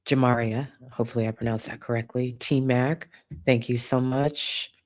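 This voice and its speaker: A woman's voice: a bass voice, fairly even intonation, normal speed. Brief: woman livestream host, casual, chatty, thanking viewers. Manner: warm, chatty, swears casually. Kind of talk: casual livestream chat, reading viewer donations.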